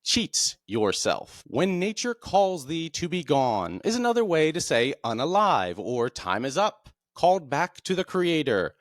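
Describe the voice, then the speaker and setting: A man hosting his own show, explaining texts in a plain, deliberate way. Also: dry recording, clean studio sound. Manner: plain, deliberate explaining with lively pitch swings. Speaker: podcast host. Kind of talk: explanatory monologue.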